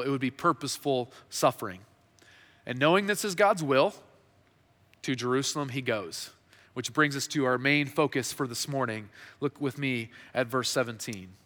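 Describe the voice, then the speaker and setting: A male pastor with a mid-range, fairly bright voice preaches conversationally, often restarting his sentences and using fillers. The recording has the echo of a reverberant hall.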